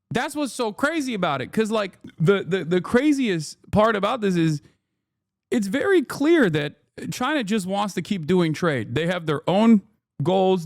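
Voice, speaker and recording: A man with a high-pitched voice does casual live-stream commentary, recorded studio-clean with no echo. Reacting to the news, he rants sarcastically, swears, and repeats phrases.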